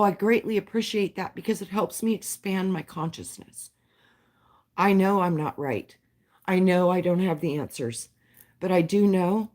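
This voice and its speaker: A woman's voice: medium pitch, a little mellow. A woman hosting a livestream, talking to her viewers in a heartfelt, spiritual way. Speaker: livestream host. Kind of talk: casual livestream chat with viewers.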